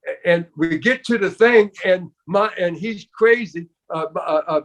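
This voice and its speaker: A man's voice: high-pitched, a little slow, fairly bright tone. An older man telling a story as an interview guest, rambling with many restarts and repeated fillers.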